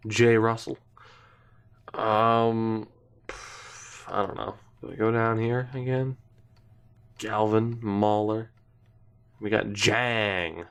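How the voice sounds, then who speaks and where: A man's voice: fairly low pitch, fairly bright tone, clear, resonant tone. A young man giving casual, indecisive gameplay commentary, talking to himself and swearing now and then. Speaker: gaming YouTuber.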